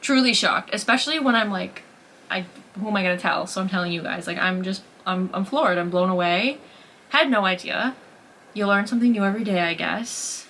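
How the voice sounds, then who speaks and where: A woman in her twenties with a Massachusetts accent, chatting excitedly to camera as a vlogger, full of "like" and exclamations. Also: mid-range voice, fairly quick, slight background noise. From Massachusetts, USA. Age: 20s. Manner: excitable, heavy use of "like", exclamatory. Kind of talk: casual chat to camera. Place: at home, later in her kitchen.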